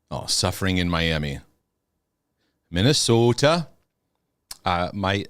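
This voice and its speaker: A man with a fairly low voice hosts a live Q&A in a loose, chatty way. He laughs easily, stumbles and restarts his phrases as he talks to viewers. The sound is dry and close, with almost no room around it. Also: dry recording. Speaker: host of a live Q&A. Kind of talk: casual live-stream chat.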